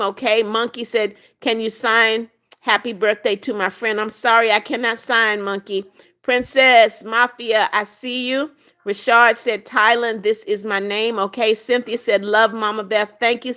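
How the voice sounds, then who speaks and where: A woman's voice: fairly high pitch, bright, forceful tone. A woman hosting a live stream, reading viewer comments aloud and answering each one briefly in a motherly way. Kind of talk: casual live-stream chat.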